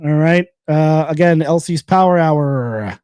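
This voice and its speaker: A man hosting a casual solo podcast, talking bluntly and rambling with repeated phrases between sponsor shout-outs. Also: fairly high pitch, unhurried, smooth, no room sound, clean studio sound. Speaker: podcast host.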